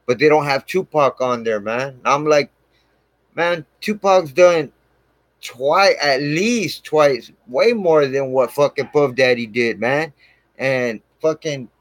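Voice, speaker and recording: This man's voice sits on the high side and moves slowly, with no echo but poor audio quality. Speaking casually to camera on his channel, he rambles through a personal story, cursing a lot and saying "man" nearly every sentence.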